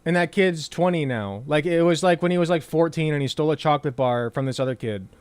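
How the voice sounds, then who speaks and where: Sarcastic high-voiced male commentator. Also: fast, clear, resonant tone, no room sound. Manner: sarcastic, swears casually, lots of fillers. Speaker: political commentary YouTuber. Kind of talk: casual commentary, reading news aloud.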